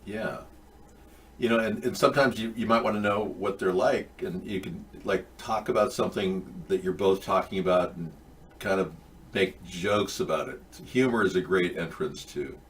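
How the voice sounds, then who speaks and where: A man's voice: low-pitched, normal speed. A man hosting a casual talk show, joking his way through dating advice. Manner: joking, lively. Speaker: host. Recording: distant mic with faint background noise.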